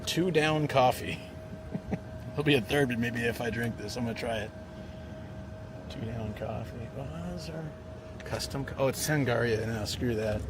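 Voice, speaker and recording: A man's voice: medium pitch, normal speed, pauses often, background noise. A man chatting casually to viewers during a travel live stream, rambling and talking straight to his audience. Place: city streets, then a parked car. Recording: music playing under the voice. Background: music.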